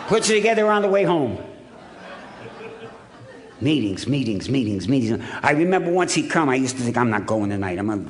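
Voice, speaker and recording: A man from Ohio telling his recovery story to a hall audience, punchy and wry, with lots of repetition. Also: fairly high pitch. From Ohio, USA. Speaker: recovery meeting speaker. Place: hotel conference hall.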